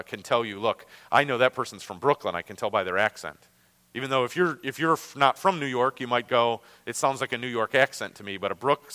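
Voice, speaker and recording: A man's voice: medium pitch, sharp tone, long reverb tail. A man with a Great Lakes American accent teaching a Bible lesson, talking conversationally with frequent fillers and restarts.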